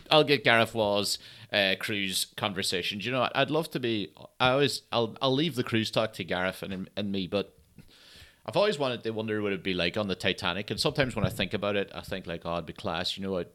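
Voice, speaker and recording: Sweary man, low voice. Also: expressive, moderate pace, bright, forceful tone. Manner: rambling, sweary comic rants. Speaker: podcast host. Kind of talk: solo comedy podcast chat. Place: at home.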